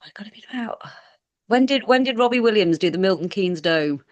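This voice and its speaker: A woman's voice: mid-range voice, lively intonation, brisk, highs cut off. A woman guest on a podcast, telling a story in a rambling, chatty way and acting out quoted lines. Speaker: guest paranormal researcher. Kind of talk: casual storytelling interview.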